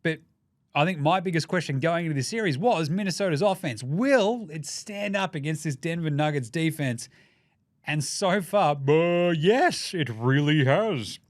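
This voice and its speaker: An Australian man hosts a casual sports commentary show, joking and swearing freely. His voice sits a little on the high side for a man. The recording is dry and close, with no room sound. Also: unhurried, dry recording. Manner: profane, jokey, animated. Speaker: podcast host.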